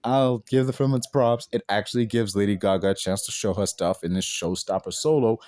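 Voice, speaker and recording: A man's voice: on the low side, brisk, darkish tone, no echo. Exasperated swearing man, dry sound. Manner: exasperated, heavy swearing, rhetorical questions. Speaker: film reviewer. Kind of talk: profane ranting movie review.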